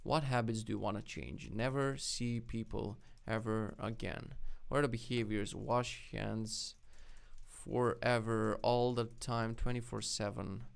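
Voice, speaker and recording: A man's voice: fairly low pitch, steady tone, a little slow, gravelly, clear, resonant tone. A man casually live-streaming as he reviews web projects, blunt and mocking, swearing freely. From lives in Poland.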